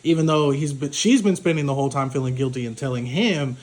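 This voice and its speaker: Speaking fast at a medium pitch, a male reviewer gives a loose spoken recap of a film. He rambles along, leaning heavily on fillers and saying "like" constantly.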